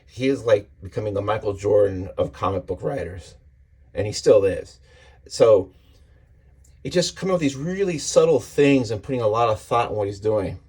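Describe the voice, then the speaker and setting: A man's voice: lowish voice, lively intonation, normal speed, darkish tone, slightly rough. A man casually and enthusiastically recapping a comic book issue, acting out the characters' lines as he goes. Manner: enthusiastic, retelling panels with voices.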